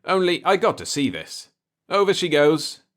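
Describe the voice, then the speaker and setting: A cocky bearded beatnik repairman, voiced by a man reading a story aloud. He talks in loose hip slang with easy confidence, his voice pitched higher and pushed louder. He sounds sure of himself even when stumped. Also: normal speed. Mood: easygoing.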